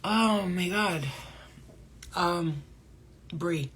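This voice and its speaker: Profane, rambling woman with a low voice. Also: very slow, a bit bright, a little hiss or hum. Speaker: spiritual reader. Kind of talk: casual spiritual reading to camera.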